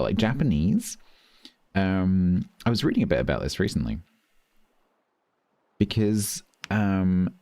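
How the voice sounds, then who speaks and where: Middle-aged British streamer, low deep voice, dry close mic, chatty and amused. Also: male voice, a little mellow, no echo. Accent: British English. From Britain. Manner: chatty, amused, reads out chat thanks. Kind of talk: casual live-stream chat.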